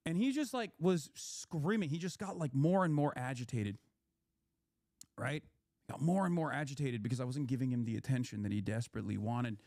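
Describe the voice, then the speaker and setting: A man's voice: mid-range voice, a little fast, darkish tone, no echo, studio quality. A young man, a political commentator, ranting in a heated, profane, rambling way on a stream.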